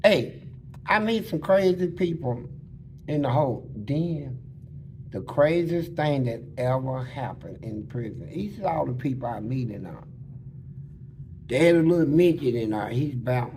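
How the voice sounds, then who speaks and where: Mid-pitched man, casual storyteller, blunt and animated, faint background noise. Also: a little slow, pauses often. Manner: animated, blunt, slips into voices. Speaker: interviewee.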